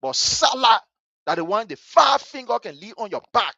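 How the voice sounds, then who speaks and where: A man with a Liberian English accent hosting a talk show. He tells a story with passion, swinging between hushed and loud. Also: extremely high pitch, expressive, normal speed, gravelly, no echo, highs cut off. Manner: vivid, story-driven. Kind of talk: animated radio commentary with storytelling.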